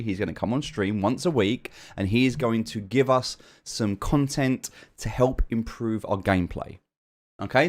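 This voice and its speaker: British male streamer, lowish voice, chatty host greeting chat by name. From United Kingdom. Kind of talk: casual live-stream chat.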